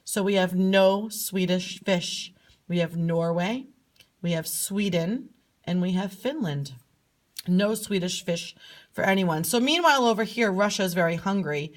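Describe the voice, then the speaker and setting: A woman's voice: medium pitch, unhurried. Playful woman telling a map story. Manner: playful, sing-song, lively storyteller. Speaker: teacher. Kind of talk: storytelling geography lesson.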